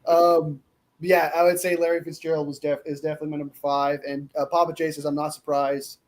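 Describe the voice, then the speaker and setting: A man co-hosting a casual sports chat, telling stories quickly and laughing along. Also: fairly high pitch, flat delivery. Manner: storytelling, fast, laughs. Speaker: co-host. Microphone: streaming mic.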